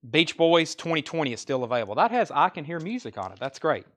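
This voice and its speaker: A man's voice: a little high, big pitch swings, quick pace. A man with a Southern US accent hosting a live online record sale, rattling off album titles and prices with chatty asides in casual sales patter.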